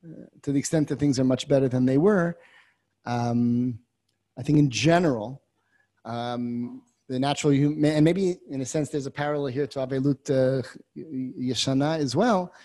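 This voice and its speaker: A man teaching a class on a biblical text, moving from quiet asides to loud, impassioned readings and using many Hebrew terms. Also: medium pitch, moderate pace. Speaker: Torah teacher.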